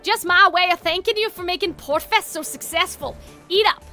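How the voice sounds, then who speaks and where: A woman voicing a gruff male restaurant manager with a put-on Scottish sea-shanty accent, reading game dialogue in a hearty, folksy drawl. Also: very high-pitched, normal speed, pushed and bright, soft background music.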